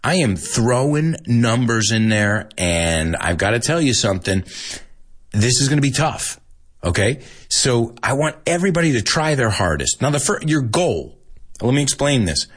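A husky-voiced man teaching English on a live stream, his pitch leaping all over as he jokes with students. He slips between English and Spanish and laughs often. The delivery is animated and loose. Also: normal speed. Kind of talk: live-streamed language lesson.

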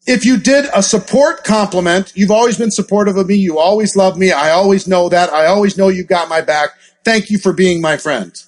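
Animated high-voiced male sales trainer. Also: a little fast. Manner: animated, acts out scripts and gasps for effect. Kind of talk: live training talk with role-play examples.

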